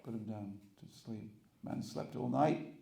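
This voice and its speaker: This preacher's gravelly, lowish voice comes a little slow, with a roomy sound. He tells stories to his congregation in a temple hall, bringing the characters to life with animated acting.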